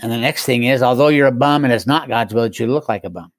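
Man doing a blunt old male sponsor, curt orders, mid pitch, dry sound. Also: quick pace, no echo, natural voice. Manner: curt, matter-of-fact orders. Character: blunt older male sponsor, gruff and unsentimental.

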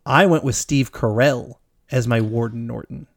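A man's voice: medium pitch, moderate pace, creaky, no echo, studio quality. A man co-hosting a podcast, chatting casually and with enthusiasm, laughing easily and often restarting sentences. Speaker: podcast co-host. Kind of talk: casual chat.

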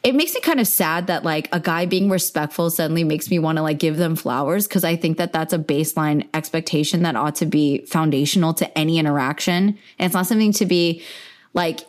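A woman's voice: deep voice, fairly quick. Chatty young woman telling a story. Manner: candid, chatty, frequent "like" and laughs. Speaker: podcast host. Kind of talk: personal storytelling.

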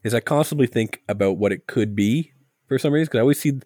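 A man's voice: medium pitch, fast talker, dark tone, no room sound, clean studio sound. A man casually reviewing a movie with friends, rambling and restarting, laughing often. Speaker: podcast co-host.

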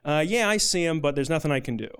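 A man's voice: fairly high pitch, animated, fast, fairly bright tone, clean tone. A man voicing an indifferent adult male theme park game attendant, offhand and careless.

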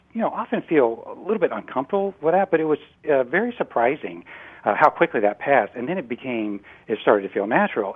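A man speaking as a guest in a reflective interview, thoughtful and hesitant, often restarting his sentences. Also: mid-range voice. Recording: tinny phone line.

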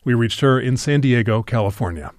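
A man's voice: mid-range voice, a little fast, a little mellow, no room sound, clean studio sound. A man hosting a radio program, reading scripted introductions with playful delivery. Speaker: radio host.

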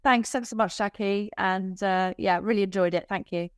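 A woman speaking as a business coach in a casual podcast interview, chatty and quick to laugh, with self-deprecating asides. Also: mid-range voice, steady tone, clear, resonant tone.

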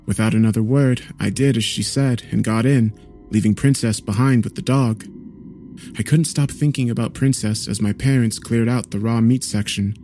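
A man narrating a horror story in a measured, somber way. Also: medium pitch, steady tone, mellow, faint music behind.

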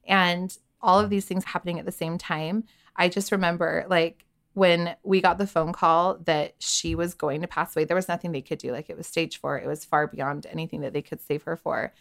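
Woman in her 30s, kinda gravelly, chatty podcast guest, lots of "like"s. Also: lowish voice, steady tone, normal speed, fairly bright tone. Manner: candid, chatty, full of "like" and quoted inner thoughts. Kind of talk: personal storytelling in a podcast interview.

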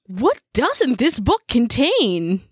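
A woman co-hosts a casual podcast, reading from an old book and breaking into wry comments and laughter. Her voice moves a lot in pitch. The sound is dry and close to the mic. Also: slow, slightly rough, dry recording. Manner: animated, laughing, wry asides while reading. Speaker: podcast co-host.

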